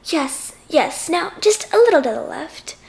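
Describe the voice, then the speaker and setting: A woman's voice: very high voice, animated, measured pace, creaky, pitched above the performer's own voice, heavily acted. A woman voicing a clever small male piglet who coaxes politely and slyly. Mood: bossy, pleased. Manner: coaxing, falsely meek suggestions.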